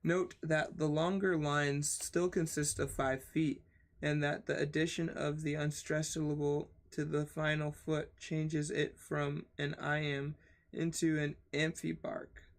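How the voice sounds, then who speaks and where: A man reading a book aloud on his channel, haltingly, spelling out hard words and stopping to comment. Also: a little high, gravelly. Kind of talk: casual read-aloud with comments.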